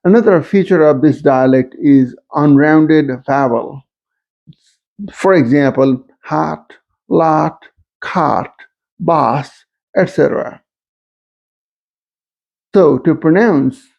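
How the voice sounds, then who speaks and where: Slow, gravelly male instructor. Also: a little high, a little mellow, muffled recording. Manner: slow, careful, lists example words one by one. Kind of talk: lecture on dialects.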